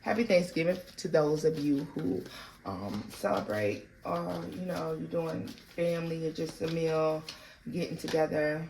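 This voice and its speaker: A woman giving a casual tarot reading to her viewers, animated and slangy. She breaks into bits of song and laughs often. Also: low voice, unhurried, a little hiss or hum. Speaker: tarot reader.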